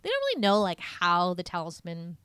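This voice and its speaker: A woman's voice: wildly swooping pitch, brisk, a bit bright, smooth, dry recording. A young woman co-hosting a podcast, recapping a film in rambling casual chat full of fillers. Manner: rambling, filler-heavy storytelling, many "like"s; acts out character lines in a higher voice. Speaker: podcast co-host.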